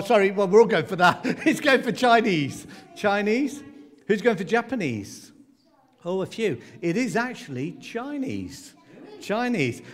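A man with a slightly raised voice leads a playful hands-up quiz for a family congregation. He coaxes the children along in a light, teasing way. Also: sits high. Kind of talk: lively talk to a family congregation.

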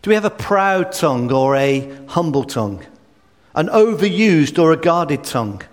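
A man's voice: a little high, big pitch swings, moderate pace. A man preaching a sermon, emphatic and full of rhetorical questions. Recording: reverberant hall.

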